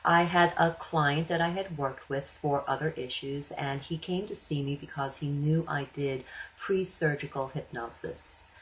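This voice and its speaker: A woman's voice: sits low, unhurried, few pauses, a little hiss or hum, poor audio. A woman hypnotherapist telling a client story in a chatty way, acting out the people she quotes. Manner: chatty, animated when quoting others. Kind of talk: storytelling monologue.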